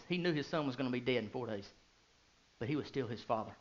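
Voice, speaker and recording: A man in his thirties, a pastor preaching a sermon, who moves from quiet, low talk to loud, fervent bursts and asks the congregation many rhetorical questions. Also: expressive, fast talker, muffled recording. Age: 30s.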